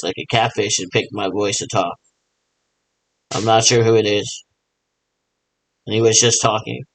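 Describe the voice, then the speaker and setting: A man with a voice of ordinary middle pitch rambles on his own. He mimics radio check chatter and keeps answering himself in a loose, repetitive back-and-forth. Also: dry recording, rough recording. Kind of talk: rambling improvised monologue.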